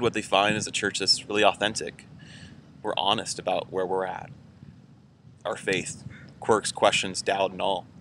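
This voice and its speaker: Casual, bright-voiced man giving a sermon. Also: deep voice, slight background noise. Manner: casual and conversational, many "like"s and fillers. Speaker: church pastor. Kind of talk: informal weekend sermon message.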